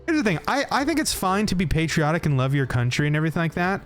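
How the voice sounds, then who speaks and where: A man's voice: on the high side, sing-song, fast talker, soft background music. A young American man streaming a game, chatting with viewers in a rambling, laughing way and swearing freely. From United States. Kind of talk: casual chat with viewers while gaming.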